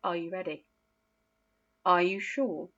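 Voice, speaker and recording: A woman teaching a phonics lesson to young children, encouraging and sing-song, sounding out letters slowly and praising often. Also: fairly low pitch, steady tone, fairly bright tone, highs cut off. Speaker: primary school teacher.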